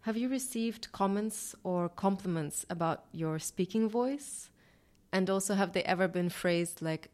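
A woman interviewer asking calm, measured questions about someone's voice. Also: medium pitch.

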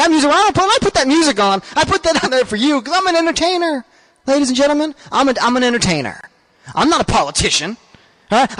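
High-voiced ranting man. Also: a bit bright, rough recording. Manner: ranting, sarcastic. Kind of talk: comedic ranting monologue.

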